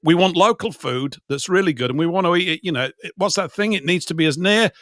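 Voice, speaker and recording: A man chatting as a guest, enthusiastic and animated as he tells a story. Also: high-pitched, fast talker, no echo, studio quality. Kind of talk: casual chat.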